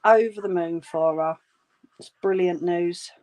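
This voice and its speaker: In an unhurried, lowish voice with a darkish tone, a woman hosts a home crafting livestream. Crocheting as she goes, she chats about viewers' comments, reassures them warmly, and calls them "love."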